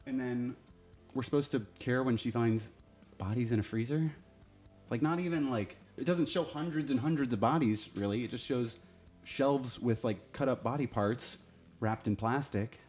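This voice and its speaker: Exasperated male reviewer, sarcastic and loose-mouthed, average pitch, soft music underneath. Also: moderate pace. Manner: sarcastic, exasperated, swears casually. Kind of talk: casual opinionated review.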